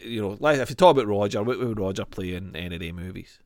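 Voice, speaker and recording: A man's voice: fairly low pitch, expressive, quick pace, a little mellow, no room sound. A man hosting a podcast, rambling and swearing through laughing banter with his friends. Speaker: podcast host. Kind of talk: casual chat.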